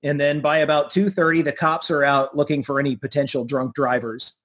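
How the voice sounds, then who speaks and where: A man's voice: on the high side, steady tone, fairly quick, fairly bright tone. A man from the South co-hosting a show, asking curious questions and joking. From Southern United States. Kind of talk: casual chat.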